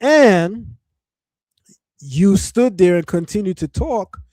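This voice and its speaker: A man's voice: high voice, expressive, slow, darkish tone, no echo. Man hosting an opinionated podcast. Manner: conversational, with laughs and filler words. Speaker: podcast host. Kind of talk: opinionated commentary.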